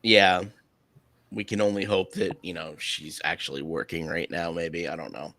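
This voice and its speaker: A man's voice: low voice, moderate pace, bright, forceful tone, dry recording. A man hosting a live stream, chatting casually with a co-host, hesitant and often chuckling. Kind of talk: casual chat.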